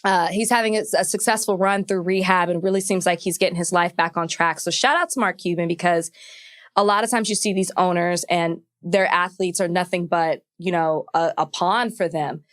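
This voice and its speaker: A woman's voice: fairly low pitch, steady tone, moderate pace. A woman from Dallas, co-hosting a podcast in casual chat, teasing and laughing often. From Dallas, Texas. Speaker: podcast co-host.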